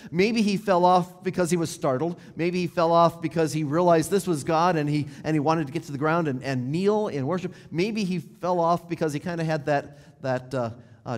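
A male pastor preaching a sermon in a church, telling the story conversationally and dropping to a near hush at the ends of phrases. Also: on the high side, long reverb tail. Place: church sanctuary.

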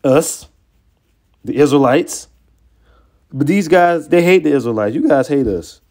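At a measured pace and in a slightly high voice, a man teaches scripture during a heated online sermon. Excitable and combative, he curses at opponents before reading passages aloud and breaking off to comment.

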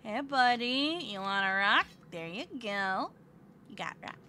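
A woman plays a game on stream, bantering with her audience, reading their messages out loud, and squealing or whining in mock distress at on-screen events. Her medium-pitched voice is expressive and sharp, with a measured pace and a little hiss or hum in the recording.

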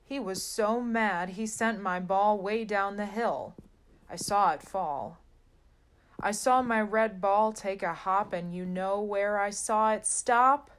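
A woman reads a rhyming children's picture book aloud in a sing-song way. She takes her time, with an unhurried pace and a mid-range pitch. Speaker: storybook reader.

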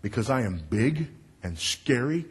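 Husky-voiced preacher man with a big voice. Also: very animated, unhurried. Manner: emphatic, swinging from loud to low for effect; confessional and wry, working the crowd. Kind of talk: sermon.

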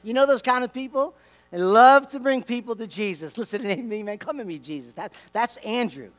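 A man preaching a sermon as pastor, telling stories with lively acted-out dialogue and dropping to a hushed tone for emphasis. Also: extremely high pitch, normal speed. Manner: animated storytelling, acts out dialogue.

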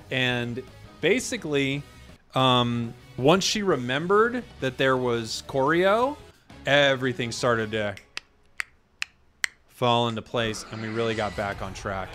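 Rambling man joking over game music. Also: mid-range voice. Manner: rambling, joking, deadpan tall tales. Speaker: gaming channel host. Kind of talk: casual gameplay commentary.

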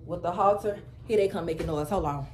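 A woman vlogger chatting to camera at home, animated and talkative, calling her viewers y'all, girl and baby. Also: fairly low pitch, brisk, slight background noise. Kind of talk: casual get-ready-with-me chat to camera.

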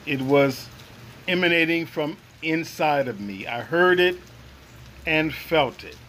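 Earnest high-voiced man telling his story. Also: slow, fairly bright tone, slight background noise, rough recording. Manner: earnest, reflective, searching for words. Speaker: guest sharing a personal experience. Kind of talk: first-person storytelling.

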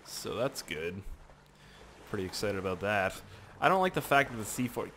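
A man giving casual gameplay commentary, talking to himself in a profane, excitable, rambling way. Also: on the low side, moderate pace, a little hiss or hum. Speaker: gaming YouTuber.

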